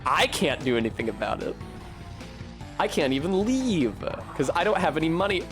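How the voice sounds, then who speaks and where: A man's voice: a little high, big pitch swings, moderate pace, a bit bright. A young man streaming a video game, rambling in casual chat with a sardonic, swearing manner. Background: faint game music.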